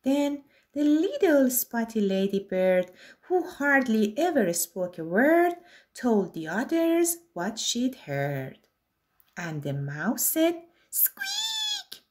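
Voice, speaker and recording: Slow, lilting woman reading a picture book. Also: fairly high pitch, a little mellow. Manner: slow, sing-song rhyming delivery. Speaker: storyteller. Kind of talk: children's read-aloud.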